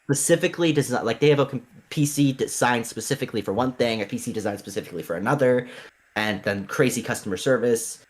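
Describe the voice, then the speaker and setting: Easygoing young man, mid-pitched, chatty. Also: fast. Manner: enthusiastic, explains in detail, laughs easily. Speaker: guest friend. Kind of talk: casual chat.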